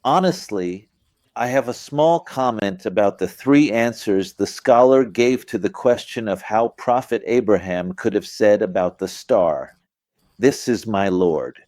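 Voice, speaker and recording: Man, middle-aged, casual religious lesson, mellow dark tone, keeps asking "you get it", acts out lines. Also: lowish voice, a little slow, dry recording. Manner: conversational, asks listeners "you get it?"; acts out phrasings with vocal emphasis. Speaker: religious teacher. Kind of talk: informal explanatory lecture.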